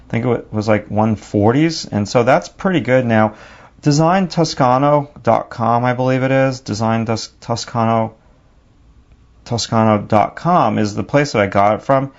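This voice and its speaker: A lower-voiced man with a New York accent talks through a drawing lesson as he works. His delivery is loose and conversational, full of asides. The recording sounds slightly dull and lo-fi. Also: a little mellow. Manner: casual, thinking aloud while working. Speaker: drawing teacher. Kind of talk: narrated drawing tutorial.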